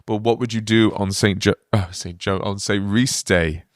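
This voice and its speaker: A man's voice: lowish voice, steady tone, moderate pace, no echo, studio quality. Teasing male comedy podcast host. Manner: teasing, bawdy, laughs a lot. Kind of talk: casual comedic interview.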